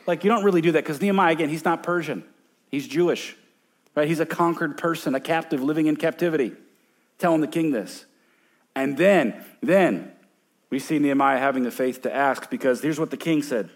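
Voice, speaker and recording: A man in his thirties, a pastor preaching a sermon, moving from loud emphatic points to hushed storytelling. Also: on the high side, a little fast. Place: church sanctuary.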